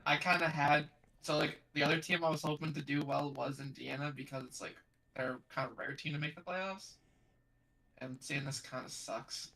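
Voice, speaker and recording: A man chats loudly in a casual sports podcast, thinking aloud as he talks. His voice is bright and sits a little high. He sounds eager and talkative. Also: steady tone, normal speed, vocal fry, poor audio. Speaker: podcast co-host.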